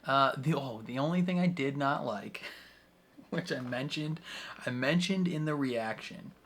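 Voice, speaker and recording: A man's voice: mid-range voice, measured pace, a bit bright. Chuckling man rambling a movie review. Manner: rambling, chuckles often, many restarts. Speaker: movie reaction YouTuber. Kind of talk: casual spoken movie review.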